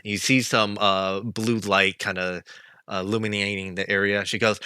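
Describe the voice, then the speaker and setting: A man narrates a tabletop game slowly, with many fillers and pauses. His low voice is bright and crisp. The sound is dry and close. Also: level tone, no echo. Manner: slow, halting with many fillers. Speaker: game master.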